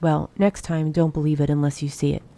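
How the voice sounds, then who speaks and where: A woman's voice: sits low, flat delivery, fairly quick, warm tone. Blunt teen boy next door, read by a woman. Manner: curt and matter-of-fact. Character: teenage boy neighbor mowing lawns, blunt and unbothered. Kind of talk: audiobook dialogue reading.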